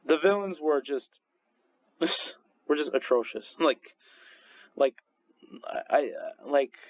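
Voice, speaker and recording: A man's voice: on the high side, lively intonation, takes it slowly, highs cut off. A man reviewing movies in casual chat, rambling with many restarts and frequent laughs. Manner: rambling, full of restarts and fillers, laughs often.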